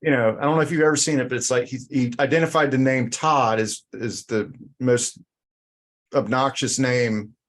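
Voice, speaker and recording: Male podcast host, easygoing, rambling storyteller, mid-pitched voice. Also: fairly even intonation, moderate pace. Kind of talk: casual podcast chat.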